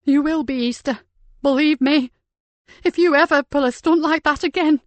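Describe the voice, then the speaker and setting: A woman's voice: fairly high pitch, fairly even intonation, normal speed, no room sound, pitched above the performer's own voice, close to an everyday voice. A woman narrator voicing a frantic, caring female police detective in an audiobook, urgent and scolding by turns.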